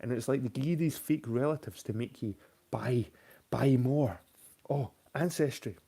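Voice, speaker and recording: A man hosts a loose late-night chat stream, reading out viewer questions. He rants freely and swears often. His voice has a warm, dark tone at an ordinary middle pitch. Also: normal speed, gravelly, slightly rough. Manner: ranting, heavy swearing; reads viewer questions aloud. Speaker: host.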